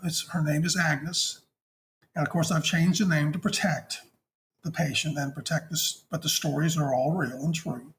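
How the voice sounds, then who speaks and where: A man speaks as a hospice chaplain, recounting a patient visit in a gentle, affectionate, conversational manner. His voice sits a little higher than most men's. A faint hiss runs underneath. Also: fairly even intonation, normal speed. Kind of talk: conversational storytelling.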